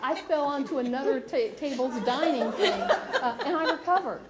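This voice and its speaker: A woman's voice: sits high, lively intonation, normal speed, over a noisy crowd. A woman on a panel telling a self-mocking story about her work travels, laughing as she goes. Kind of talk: anecdote on a panel. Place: conference hall.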